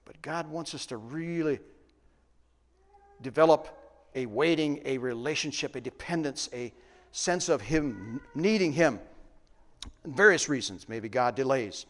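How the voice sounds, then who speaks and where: A man's voice: mid-range voice, animated, unhurried, long pauses, a bit bright. A man preaching a sermon, often asking the congregation questions and answering them. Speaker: pastor. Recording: long reverb of a large hall.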